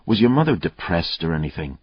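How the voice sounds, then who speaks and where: A man reading a story, voicing a veteran police detective who talks calmly in clipped, needling lines. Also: low voice, a little fast, slightly rough, full character voice. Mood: matter-of-fact. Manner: taunting, calm, clipped threats. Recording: dull, muffled dry audio.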